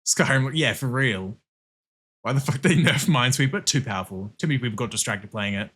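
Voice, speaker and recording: A male streamer talks casually while gaming on a livestream. His husky voice is bright and edged, with pitch that bounces all over, and he quickly gets excitable, laughing often and swearing freely.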